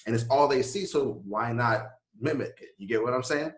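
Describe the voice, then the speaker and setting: A man's voice: mid-range voice, moderate pace. A man in a casual podcast discussion, agreeing readily and explaining the other side. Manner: agreeable, lots of "yeah" and "you know what I mean". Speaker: podcast co-host.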